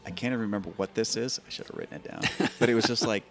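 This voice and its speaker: A man in his fifties with a low, deep voice tells stories on a podcast. He talks in an animated, rambling way, stacking up repeated words as he gathers his thoughts. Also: rapid-fire, gravelly. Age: 50s. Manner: animated, repeats words and restarts while thinking. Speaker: podcast guest. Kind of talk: conversational storytelling. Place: open-air bike and coffee shop in a garage.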